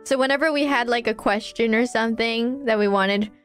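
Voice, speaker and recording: A woman's voice: on the high side, fairly quick, fairly bright tone, faint music behind. A woman streamer chatting casually, telling a rambling, giggly story with many restarts.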